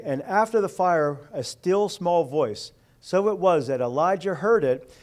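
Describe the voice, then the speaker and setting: A man's voice: a little high, darkish tone. Male pastor, casual preaching style full of asides and questions to the congregation. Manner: conversational preaching with frequent asides and rhetorical questions. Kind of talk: sermon.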